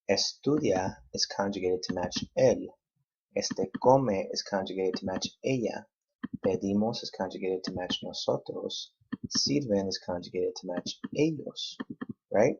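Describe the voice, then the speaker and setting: A man teaching a Spanish grammar lesson, patiently repeating words slowly to show where the stress falls. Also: lowish voice, creaky, a little mellow, breathy edge. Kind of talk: classroom lesson explanation. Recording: dull lo-fi recording.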